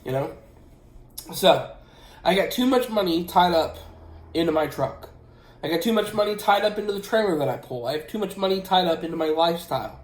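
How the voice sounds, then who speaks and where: A man who drives trucks giving casual safety advice at home, emphatic and repeating his points with a frequent "okay?". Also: a little high. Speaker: truck driver and channel host. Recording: roomy echo.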